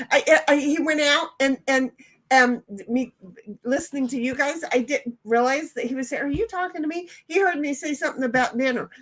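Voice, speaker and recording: A woman's voice: high voice, normal speed. A woman hosting a game stream in casual chat, reading chat messages aloud in a bubbly, rambling way. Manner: bubbly, rambling, laughs often, loud greetings. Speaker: stream host.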